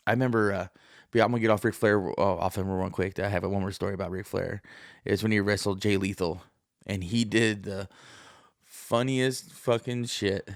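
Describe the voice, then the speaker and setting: Male podcast host, 30s, low gravelly voice, close dry sound, loose profane rambling monologue. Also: steady tone, normal speed, no room sound. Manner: profane, jokey, puts on high voices to act out stories.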